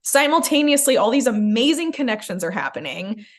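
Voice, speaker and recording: A woman's voice: fairly high pitch, fairly quick. A young adult woman, a podcast host, telling a personal story in casual chat, filling her talk with "like" and acting out what others said. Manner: animated, many "like" fillers, acts out quoted lines.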